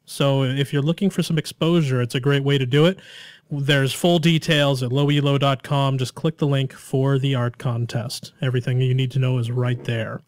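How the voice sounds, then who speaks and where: A young man hosting a podcast, briskly reading out sign-off announcements in a casual way. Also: mid-range voice, steady tone, dry recording. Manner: brisk promotional delivery. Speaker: podcast host.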